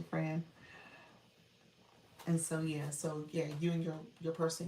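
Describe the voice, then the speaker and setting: A woman's voice: lowish voice, vocal fry, a little mellow, echoey room, distant mic, a little hiss or hum. A woman coaching on a livestream in casual chat, reading comments, laughing often and thanking viewers by name.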